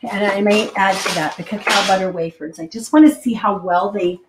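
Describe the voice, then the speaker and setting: A woman hosting a live cooking demonstration in a home kitchen, chatty and hurried, thinking out loud as she works. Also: mid-range voice, fairly even intonation, noisy background. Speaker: cooking show host. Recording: roomy kitchen with clattering dishes.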